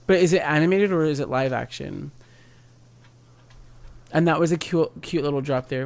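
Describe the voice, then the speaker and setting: Rambling man streamer with a higher voice. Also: moderate pace, vocal fry, long pauses, no room sound. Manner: rambling, full of "like" fillers. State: tipsy. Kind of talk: casual game stream chat.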